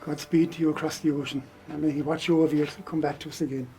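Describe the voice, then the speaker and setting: A man's voice: a little high, level tone, fast talker, dark tone, slight background noise, natural voice. An actor playing an earnest Irish man still shaken after a scare, in a stage play. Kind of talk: filmed stage play acting. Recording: faint music underneath.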